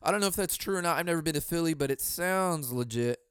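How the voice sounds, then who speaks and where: A man from Southern California hosting a casual solo podcast into a boom mic at home, swearing a lot, laughing often and bursting into loud mock yelling. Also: fast talker, clean tone, no room sound, clean studio sound. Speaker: podcast host.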